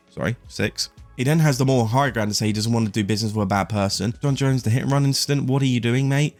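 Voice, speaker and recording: A man in his late twenties giving opinionated, casual sports commentary to his viewers. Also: mid-range voice. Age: late 20s. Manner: opinionated, talks straight to the viewer.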